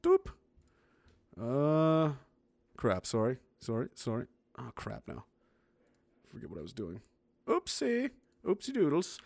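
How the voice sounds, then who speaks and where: A man's voice: mid-range voice, big pitch swings, slow, creaky, pauses often, darkish tone, dry recording. A man hosting a casual livestream, talking in a rambling way with many restarts. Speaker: livestream host.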